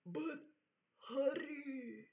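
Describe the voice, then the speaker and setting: Woman putting on a halting wild yeti. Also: sits high, creaky, a little mellow, recorded from a distance, pitched above the performer's own voice, heavily acted. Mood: urgent. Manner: slow broken clipped phrases. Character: wild hairy male yeti, hurried and halting. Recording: dull lo-fi recording.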